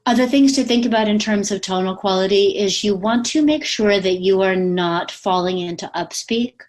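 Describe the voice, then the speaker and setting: A woman speaking coach giving casual, lively advice from home over a video call, laughing easily. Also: mid-range voice, moderate pace. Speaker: communication coach. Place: home with pets.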